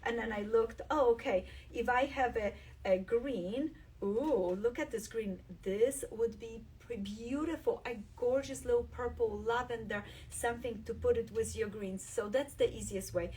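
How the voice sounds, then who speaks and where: Enthusiastic quilting host, a bit off-mic. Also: female voice, on the high side, unhurried, darkish tone, breathy edge, far from the mic. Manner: enthusiastic, shows fabrics while talking. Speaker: quilt designer hosting a live stream. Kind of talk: live craft demonstration.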